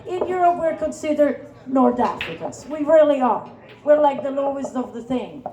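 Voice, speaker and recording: A woman's voice: high-pitched, animated, normal speed, warm tone. An Italian-accented woman from Italy performing a stand-up comedy set, brash and profane, with a self-mocking edge. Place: large indoor room, live venue. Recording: echoey room with live crowd.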